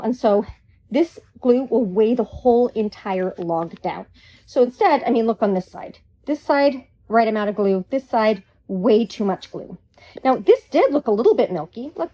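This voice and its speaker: A woman hosting a hands-on craft tutorial, chatty, playful and quick to get excited. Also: a little high, low-quality recording.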